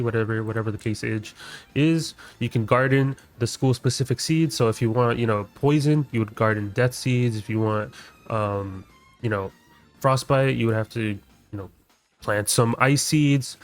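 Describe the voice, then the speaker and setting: A man giving casual gaming commentary as a YouTuber, loose and slangy with lots of fillers. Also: mid-range voice.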